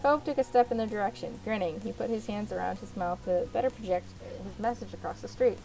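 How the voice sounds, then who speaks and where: A woman's voice: medium pitch, quick pace, gravelly, dark tone, faint music behind, poor audio. A woman reading a visual novel aloud as a let's play narrator, in the second person.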